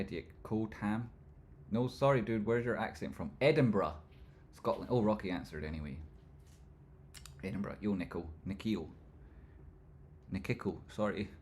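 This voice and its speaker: A man's voice: on the low side, a little hiss or hum. A man hosting a casual livestream. He jokes and rambles, reading viewer comments aloud and jumping between banter and market talk. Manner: joking, rambling, quick jumps between banter and analysis. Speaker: livestream host.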